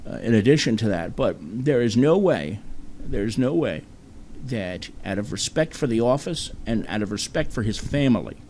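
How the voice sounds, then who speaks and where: A man's voice: mid-range voice, lively intonation, normal speed, a little mellow, a little hiss or hum. A man with a New Jersey accent hosting a web talk show alone, rambling in a chatty, self-deprecating way. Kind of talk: casual solo talk-show monologue.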